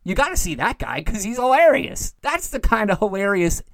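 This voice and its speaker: A man hosts his own podcast and talks straight into the mic. His delivery is casual and animated, and his voice climbs high when he gets worked up. The sound is dry, with no room around it. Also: fairly quick, dry recording. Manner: animated, ranting, gets worked up then calms. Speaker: podcast host. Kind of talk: solo political commentary podcast.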